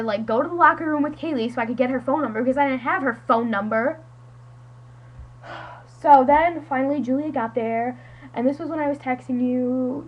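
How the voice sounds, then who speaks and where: A woman's voice: high-pitched, muffled recording. A teenage girl from the United States telling a friend a story in a casual, dramatic, self-mocking way, full of "like". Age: teens. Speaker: vlogger.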